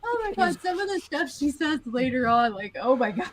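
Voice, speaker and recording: A woman's voice: high voice, big pitch swings, normal speed. A woman in casual chat about a book, enthusiastic and giggly. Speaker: book discussion guest.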